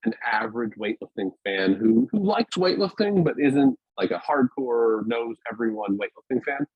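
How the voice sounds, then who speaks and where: A man's voice: medium pitch, lively intonation, moderate pace, breathy edge, dry recording. A man in a casual interview on a video call, talking in a rambling, hesitant way with many restarts. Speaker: podcast guest, weightlifting media founder. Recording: dry, tinny phone-like call audio.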